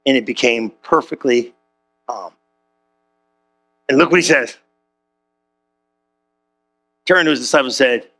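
A man's voice: mid-range voice, expressive, unhurried, pauses often, a bit bright, soft background music. A man preaching a sermon as pastor, joking in slang and acting out quotes.

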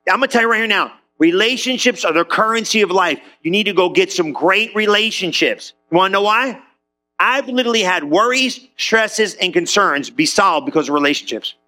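A man preaching a sermon in a lively, conversational way, calling on the room for amens. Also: high voice, brisk. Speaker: pastor.

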